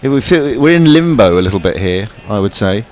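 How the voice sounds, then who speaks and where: A man's voice: fairly low pitch, very animated, fairly quick, darkish tone, poor audio. A man commentating on cricket in a casual, bantering and rambling way.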